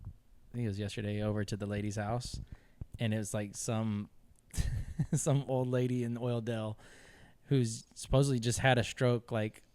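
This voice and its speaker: A man's voice: fairly low pitch, little pitch movement, moderate pace, long pauses, a little mellow, clean tone. A young man co-hosting a podcast, chatty and joking as he tells a story. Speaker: podcast co-host. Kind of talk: casual chat.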